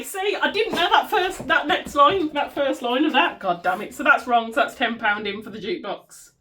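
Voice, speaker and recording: Sorting cash on her budgeting vlog, this Black Country woman from the West Midlands talks in a high, fairly bright, animated voice at a moderate pace with few pauses. She chats casually, laughs at herself and hums along.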